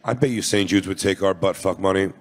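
A man's voice: sits low, fast. A man on a comedy podcast panel, making crude wisecracks.

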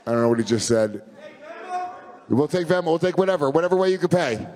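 A man's voice: a little high, expressive, a crowd in the background. A man hosting a crude comedy podcast, swearing freely and calling out auction bids. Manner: profane, auctioneer-style rapid calling. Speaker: host running a charity auction.

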